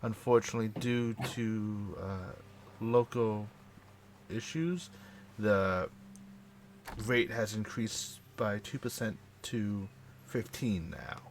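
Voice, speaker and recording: A man's voice: fairly low pitch, slow, slight background noise. A man voicing a greasy, smug middle-aged dock official who talks down to people. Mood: officious. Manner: officious, dismissive.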